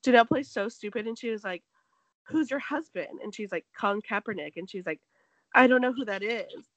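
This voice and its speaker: A woman's voice: a little high, fairly quick, no room sound, low-quality recording. A woman co-hosting a casual gossip chat, retelling a story with lots of "like" and acting out the quotes. She says she is sick. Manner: animated storytelling, acts out quotes, heavy "like".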